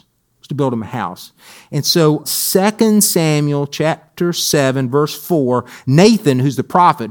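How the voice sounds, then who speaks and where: A male pastor giving a sermon in a conversational way, with wry humorous asides and phrases repeated for emphasis. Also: fairly high pitch.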